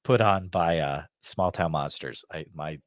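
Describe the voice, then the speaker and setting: A man with a very low voice and a slight Massachusetts accent hosts a live call-in show. He talks in a loose, rambling way, full of fillers and restarts. The recording is close and dry, with no room sound. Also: a little slow, no room sound. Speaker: host of a live call-in podcast. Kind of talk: casual live-stream chat.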